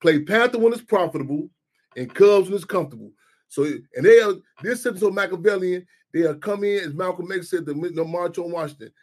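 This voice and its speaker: A man's voice: high voice, a little fast, darkish tone. A middle-aged man hosting a talk radio show, rambling and repeating himself, often asking "you know what I'm saying". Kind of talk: casual talk radio discussion.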